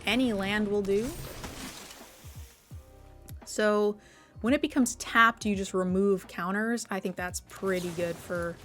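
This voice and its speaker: A woman's voice: medium pitch, steady tone, slow, long pauses, a bit bright, soft background music. A woman streamer giving gameplay commentary, thinking aloud and playfully exasperated as she plays.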